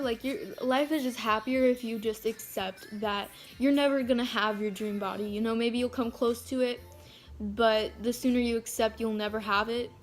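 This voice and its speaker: A teenage girl vlogging to her phone camera, chatty and frank, swearing freely and filling her talk with "like". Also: a little high. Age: teens. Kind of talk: casual rant to camera.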